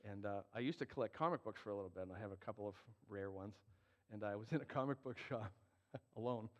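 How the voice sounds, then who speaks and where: A fairly low-voiced man talks fast as he preaches to his church, mixing earnest emphasis with jokes on the side. The sanctuary recording is dull-sounding, with a long reverb from the hall.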